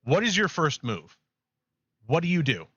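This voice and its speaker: A man co-hosting a podcast, retelling a myth in a rambling, animated way. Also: on the high side, moderate pace, breathy edge, no echo, lo-fi sound. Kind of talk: casual chat, storytelling.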